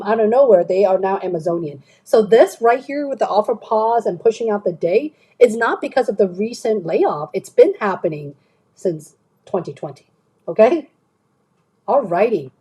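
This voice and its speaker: A woman's voice: medium pitch, dark tone, breathy edge, rough recording. A woman career coach chatting on a live stream, answering viewers' questions and often checking in with "okay?".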